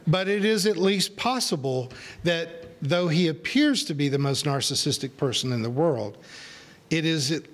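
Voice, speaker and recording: A man's voice: fairly high pitch, normal speed. A male pastor giving a sermon in a conversational, storytelling way, with self-deprecating humor.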